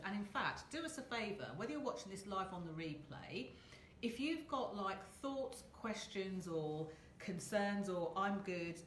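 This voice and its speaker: A woman's voice: mid-range voice, echoey room, slight background noise. A woman hosting a casual live video chat from a hotel room, chatty and rambling, laughing often. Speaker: host.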